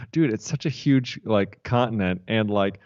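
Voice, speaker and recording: A lower-pitched man talking in a loose, rambling, friendly way, hopping between thoughts with lots of "like" and "you know". The sound is dry and a bit dull and lo-fi, as over a call. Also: a little mellow, dry recording. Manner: chatty, rambling storyteller with many fillers and laughs. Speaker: podcast co-host. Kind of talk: casual tech podcast chat.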